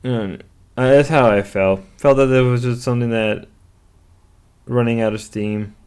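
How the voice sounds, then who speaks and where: Mid-pitched man doing hesitant, rambling reaction commentary. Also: fairly even intonation, a little slow, a little mellow, clear, resonant tone. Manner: hesitant, rambling, with fillers and restarts. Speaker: commentary youtuber.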